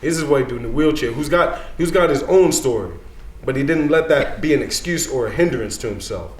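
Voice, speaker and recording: A man's voice: mid-range voice, lively intonation, brisk, reverberant. A man in his thirties, a dean of students, telling a personal story live in a casual, streetwise way, full of "you know".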